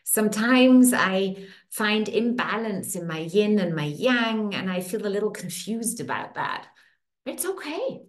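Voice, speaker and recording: Slow, lively-voiced woman leading affirmations. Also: mid-range voice. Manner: slow, soothing, repeating affirmations. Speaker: facilitator leading a women's circle. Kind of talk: guided tapping affirmations. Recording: echoey room.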